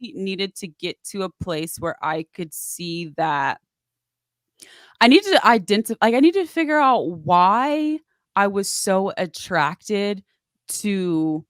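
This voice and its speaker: A woman's voice: mid-range voice, takes it slowly, dry recording, clean studio sound. A woman guest in an interview, telling her story casually and acting out what others said. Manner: animated, acts out quoted voices.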